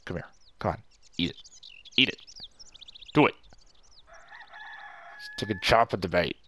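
A man's voice: fairly low pitch, animated, measured pace, pushed and bright, a little hiss or hum. A young man doing casual gameplay commentary, playful and goofy, talking to the fish on screen. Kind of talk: casual let's play commentary.

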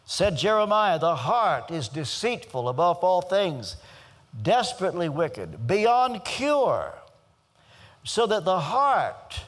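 An older man from the United States gives a theology lecture in a slow, weighty preaching cadence, leaving dramatic pauses between phrases. His voice sits somewhat high for a man and swings widely in pitch as he stresses key words. A long hall reverb trails after each line. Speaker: theology teacher.

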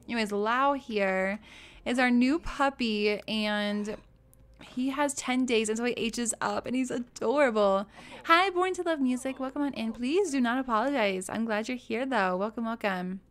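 Greeting viewers by name and giggling often, a woman streamer chats casually as she plays on a live game stream. She keeps a moderate pace, and her voice is a little high.

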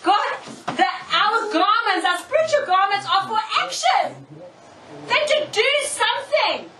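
A woman preacher giving a sermon, telling stories in an animated way, often laughing and checking in with "okay?". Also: very high-pitched, a little slow, background noise. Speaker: preacher, prophetess. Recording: echoey room, mic far off.

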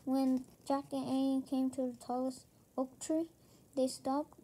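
A woman reading a children's chapter book aloud, halting, with frequent slips and restarts. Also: high voice, level tone, warm tone. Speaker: reader.

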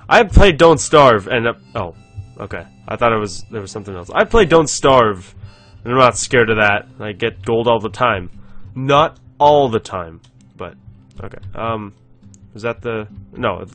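A young man giving casual let's-play commentary in an average-pitched voice, rambling, giggling often and reading game text aloud. Faint game music plays beneath him. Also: fairly bright tone. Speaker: gaming channel host.

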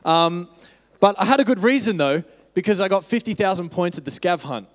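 A young man with a slightly high voice speaks to a church gathering in a loose, candid, rambling way, full of fillers. His voice rings with the long reverb of a church hall. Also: animated, brisk. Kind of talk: casual church talk with personal story.

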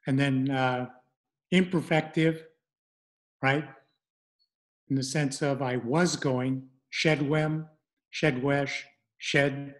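A middle-aged man presenting an online language lesson, speaking haltingly with many fillers and restarts. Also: mid-range voice, fairly even intonation.

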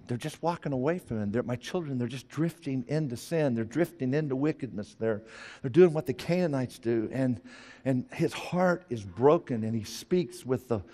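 A man preaching a sermon, animated, sometimes putting on high whiny voices for characters. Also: in a large hall. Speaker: pastor.

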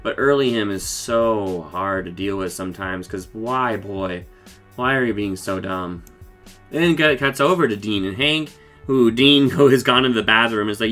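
A man giving a casual, rambling recap of a cartoon episode, excitable and full of swearing and fillers. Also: on the low side, normal speed, faint music behind. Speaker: show reviewer.

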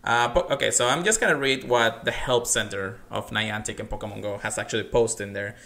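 This podcast co-host speaks fairly quickly in a fairly low, gravelly voice on a casual gaming show. He's chatty and rambling, full of fillers and restarts, and sometimes reads text aloud in a careful, flat manner.

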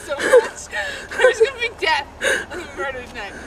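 Giggling and swearing, a woman plays up for a friend's handheld camcorder at a street-side bus stop, telling the friend what to do. She talks at a moderate pace in a high, sing-song voice, with crowd noise and passing cars behind her.

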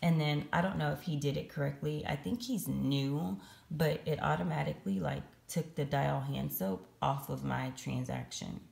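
A woman with a hoarse, raspy morning voice, chatting casually through her shopping receipt math in a vlog. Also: sits low, moderate pace, a little mellow. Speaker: couponing vlogger. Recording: echoey room.

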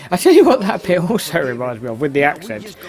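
Brief: man narrating gameplay casually, chatty and exclamatory, slightly high voice. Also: wildly swooping pitch, fast talker. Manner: rambling, exclaiming at the game, muttering asides. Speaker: gameplay commentator. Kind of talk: casual let's-play commentary.

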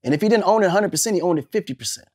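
A man in his forties, an interview guest telling animated stories, laughing and swearing casually. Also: sits high, very fast.

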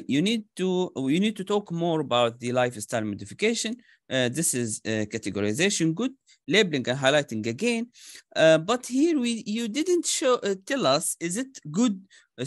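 A man gives exam feedback, swinging his intonation up and down to demonstrate points and filling pauses often. His voice sits mid-range and the recording is dry and close. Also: no room sound. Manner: lively pitch, demonstrative, many fillers. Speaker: language exam tutor. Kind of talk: spoken feedback lesson.

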